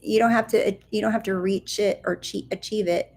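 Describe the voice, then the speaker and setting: This life coach, who teaches the law of attraction, speaks in a mid-range, fairly even, slightly mellow voice at a moderate pace. She answers her live stream viewers in a chatty, goofy, playful manner, peppering her talk with "like" and "do you see?".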